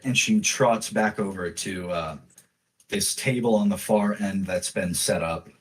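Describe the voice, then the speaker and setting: A man running a tabletop game, describing scenes in a slow, easygoing way. His voice sits in a middle range with no strain. He keeps it casual and loose. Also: sits low. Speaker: game master.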